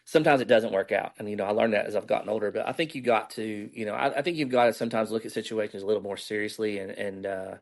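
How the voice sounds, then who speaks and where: A man's voice: fairly low pitch, quick pace, few pauses. A middle-aged man, candidly telling stories as a guest in a casual interview and acting out the dialogue he quotes.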